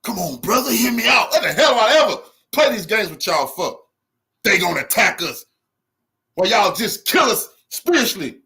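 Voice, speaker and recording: A man's voice: high-pitched, sing-song, moderate pace, pushed and bright. A man hosting a commentary channel, reacting to news clips in a heated, mocking, profane way and laughing often.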